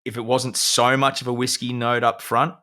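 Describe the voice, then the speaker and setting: A man's voice: medium pitch, little pitch movement, moderate pace, pushed and bright. A man, co-hosting a podcast and chatting casually while reviewing a beer with enthusiasm. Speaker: podcast co-host. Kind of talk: casual chat.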